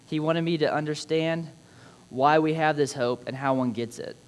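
A man's voice: fairly high pitch, normal speed. A young man gives a prepared personal speech about his father, reading scripture in an earnest, reflective way with touches of light humor. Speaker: speaker honoring his father.

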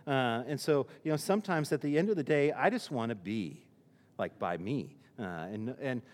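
A man's voice: mid-range voice, animated, normal speed, big-room sound. A male pastor preaching a sermon in a conversational way, often restarting his sentences and using fillers.

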